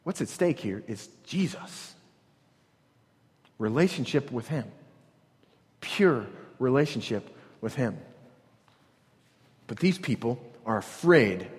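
A man's voice: medium pitch, expressive, slow, pauses often, long reverb tail. A man preaching a sermon as pastor, earnest and repetitive, pressing his point with rhetorical questions.

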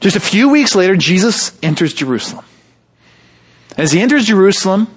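A man preaching a sermon, animated, moving from low measured stretches to high emphatic ones and acting out quoted speech. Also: breathy edge. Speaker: pastor.

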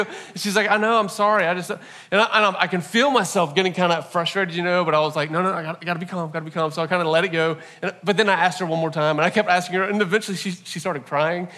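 Bright, earnest man in his forties preaching. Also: sits high, fast. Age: 40s. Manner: storytelling, animated and earnest. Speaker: pastor. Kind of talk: sermon.

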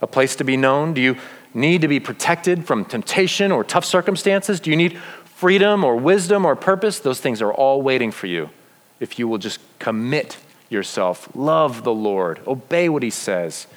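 This pastor's sermon, delivered at normal speed in a mid-range voice, is packed with rhetorical questions and animated delivery. A large hall gives the recording a long reverb.

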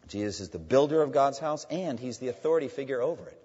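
Male pastor, lively pitch, emphatic sermon delivery, dull recording with long hall reverb. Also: fairly quick, hardly any pauses, breathy edge. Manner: emphatic preaching with wide swings between loud and hushed.

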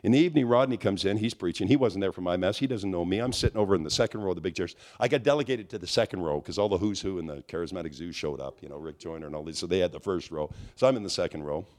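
A man preaching in a storytelling way, his fairly low voice rising to high, excited near-shouts at the peaks. He moves between quiet asides and loud emphasis as he preaches. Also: rapid-fire, hardly any pauses. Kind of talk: charismatic sermon.

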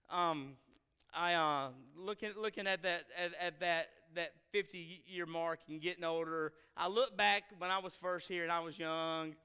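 A man's voice: sits high, pushed and bright, clean tone. A man, telling a self-deprecating personal story to a live audience and acting out the quotes. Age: 40s. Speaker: speaker addressing a live audience. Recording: long hall reverb.

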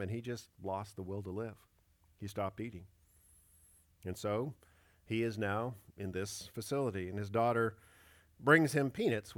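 A man in his fifties preaching a Sunday sermon in an earnest, measured way, rising for emphasis and dropping soft. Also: fairly low pitch, no echo. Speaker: pastor.

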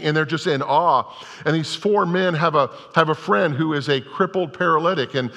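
A male pastor delivers his sermon with a bright, forceful voice that sits a bit high for a man. He retells scripture stories in a relaxed, conversational way. His voice rings out with the long reverb of a large church hall. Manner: conversational storytelling preaching.

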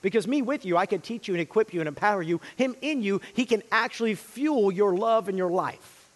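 A man preaching a sermon, swinging between loud emphasis and hushed, quiet lines. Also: sits high, lively intonation, brisk, long reverb tail. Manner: dynamic delivery, swinging from loud emphasis to hushed near-whispers. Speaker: pastor.

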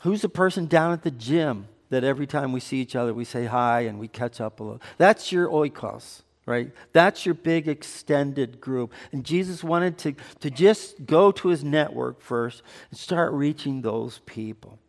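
A man of medium pitch delivers a sermon as pastor at a moderate pace with few pauses. His conversational preaching swings between earnest lessons and light back-and-forth with the congregation. The recording carries long hall reverb.

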